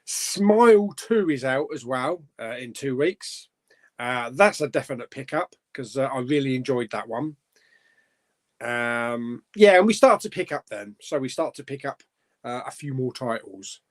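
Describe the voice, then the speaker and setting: Chatty man, lively voice. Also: mid-range voice, unhurried. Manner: chatty, chuckles often, rambling with fillers. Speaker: live stream host. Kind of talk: casual live chat reading viewer comments.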